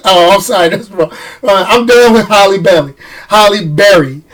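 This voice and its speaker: Animated New York man, casual commentary. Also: high-pitched, a little slow. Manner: animated, repeats phrases, rhetorical questions. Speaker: movie review vlogger.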